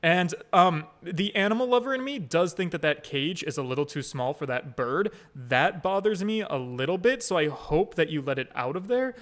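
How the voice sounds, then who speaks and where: A man's voice: on the high side, lively intonation, moderate pace, hardly any pauses. A man streaming a story game, commenting casually in a crude, joking way.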